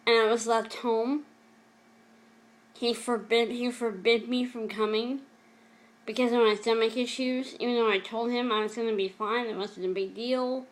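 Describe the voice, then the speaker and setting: A woman's voice: a little high, fairly even intonation, normal speed. Emotional woman vlogging a heartfelt confession. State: emotional, close to tears. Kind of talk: personal confessional vlog.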